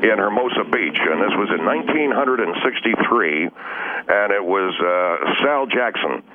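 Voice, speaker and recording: A very deep-voiced man calls in over a thin, tinny phone line with faint noise behind him. He gives clipped, gruff answers as a guest expert. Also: lively intonation, measured pace. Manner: curt and gruff.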